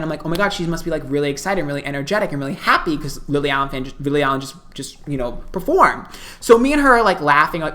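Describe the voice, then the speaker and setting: A woman telling a funny story in a casual chatty way, often acting out what people said in high excited voices and breaking into laughter. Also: fast talker. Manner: chatty, animated, laughs a lot; quotes people in loud high squeals. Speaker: vlogger.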